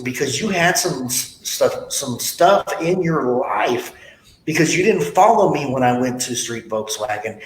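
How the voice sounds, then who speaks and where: A man's voice: animated, unhurried. Blunt motivational man in an echoey room. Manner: blunt, motivational, tells stories. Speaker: podcast host, sales trainer. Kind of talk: casual interview talk. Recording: echoey room with faint rumble.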